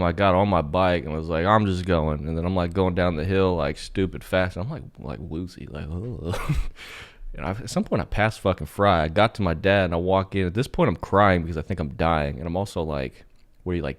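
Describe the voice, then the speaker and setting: A man co-hosting a podcast, telling a rambling, profane story in casual chat and leaning hard on "like". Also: deep voice. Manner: profane, rambling, heavy use of "like"; animated when telling stories. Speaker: podcast co-host.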